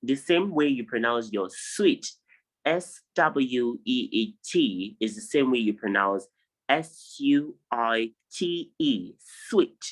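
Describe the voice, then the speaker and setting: A man's voice: mid-range voice, lively intonation, takes it slowly, rough recording. A man from Nigeria teaching vowel sounds in an online lesson over a video call, drilling word lists aloud one word at a time. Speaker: English tutor.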